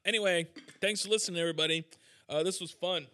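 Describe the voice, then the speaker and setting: A man's voice: sits high, steady tone, fairly quick, sharp tone. A young man hosting a podcast, ranting irreverently in casual chat, full of "like" and "dude". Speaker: podcast host, musician.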